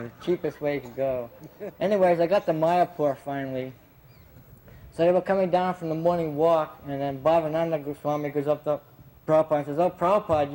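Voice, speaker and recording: A man's voice: fairly high pitch, warm tone, rough recording. A man casually recounting stories from his years as a gardener, chatty and laughing often, with plenty of fillers. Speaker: devotee recalling his time as a gardener. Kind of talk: casual anecdotal storytelling.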